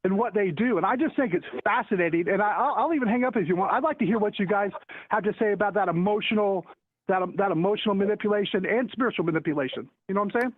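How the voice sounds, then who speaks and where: A man's voice: high-pitched, fast, no echo. A man calling in to a talk show, rambling casually with lots of stumbling restarts and jokes. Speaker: caller. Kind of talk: casual call-in chat. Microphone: phone call. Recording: tinny phone line, dry.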